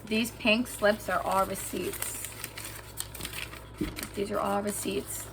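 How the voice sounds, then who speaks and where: A young woman telling a story about getting scammed to her viewers in a vlog, animated and emphatic, getting heated as she goes. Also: medium pitch, slow, noisy background. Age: young adult. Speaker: vlogger.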